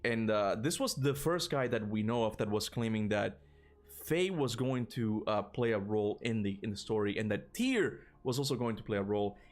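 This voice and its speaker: A man hosting a casual gaming livestream, rambling with many fillers and restarts, and laughing often. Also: medium pitch. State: burping after lunch. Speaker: gaming channel host.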